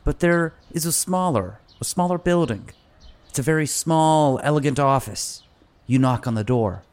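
A male podcast host who tells stories with dramatic flair. His pitch rises and falls widely as he acts out the characters, and he swears freely along the way. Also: animated, normal speed, darkish tone. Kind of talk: dramatic storytelling.

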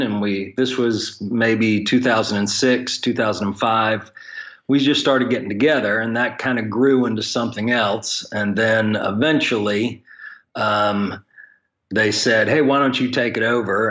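A man with a fairly low voice tells stories as a podcast guest, frank and joking, his wording plain and blunt. The audio is a little dull and lo-fi. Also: a bit bright. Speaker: guest, ministry leader for pastors. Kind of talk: conversational podcast storytelling.

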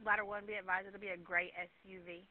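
Brisk, impatient female 911 dispatcher, scolding tone, fast delivery, phone-line quality. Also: medium pitch, flat delivery. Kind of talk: emergency call dispatching.

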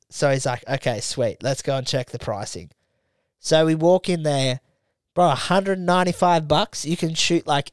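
A man's voice: a little high, smooth, dry recording, studio quality. A young Australian man co-hosting a podcast, telling a travel story in casual chat, swearing freely and acting out his mates' lines. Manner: swears freely, acts out friends in quoted dialogue. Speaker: podcast co-host.

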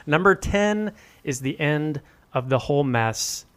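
A man's voice: fairly high pitch, lively intonation, unhurried, a bit bright, slight background noise. Man leading a casual podcast segment. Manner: steers topics with transitions. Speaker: podcast co-host. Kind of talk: casual book-club chat.

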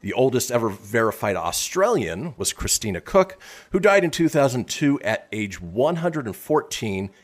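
A man's voice: mid-range voice, normal speed. A man hosting a radio show, reading news items and joking casually with his co-host. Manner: animated, joking delivery with fillers. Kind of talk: casual comedic news chat.

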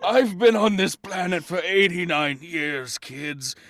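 A man voicing a rambling, crotchety eighty-nine-year-old grandpa with a creaky, slow drawl. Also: high-pitched, fairly bright tone, exaggerated voice. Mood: grumbling. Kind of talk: playing a party card game.

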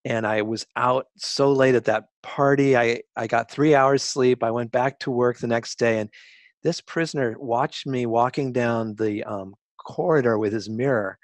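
A man in his sixties, a guest writer telling stories in an interview, reflective and halting, with frequent restarts. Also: mid-range voice, steady tone, dry recording. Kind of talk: interview conversation.

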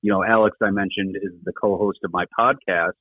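Middle-aged ex-coach, low husky voice, earnest and rambling, heard over a thin phone line. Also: male voice, fairly even intonation, fairly quick, no room sound. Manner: earnest, rambling with many fillers. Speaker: former rugby coach, podcast guest. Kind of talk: casual conversational interview talk. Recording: tinny phone-line audio, dry.

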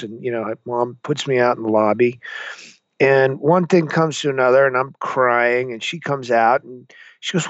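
A man's voice: medium pitch, normal speed, no echo. A man, a former military commander, telling stories animatedly as a guest in an interview. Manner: animated storyteller, acts out quotes. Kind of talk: interview storytelling. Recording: dull lo-fi sound.

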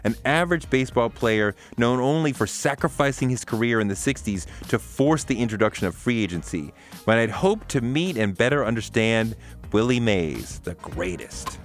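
A man reads his memoir as an audiobook in a wry, conversational way. His pitch is lively and swings widely as he tells the story. Faint music sits underneath the voice. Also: normal speed. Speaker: narrator.

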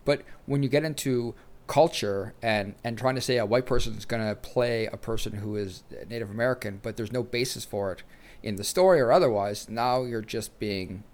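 A man's voice: mid-range voice, moderate pace, a little mellow. Man steering a casual podcast chat. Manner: steers the talk, moving topics along. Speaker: podcast co-host.

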